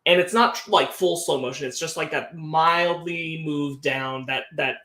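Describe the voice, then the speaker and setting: A man's voice: fairly high pitch, unhurried, bright, forceful tone. Analytical man in an echoey room. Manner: analytical, thoughtful, talks through ideas with restarts. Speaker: podcast co-host. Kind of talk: casual podcast discussion.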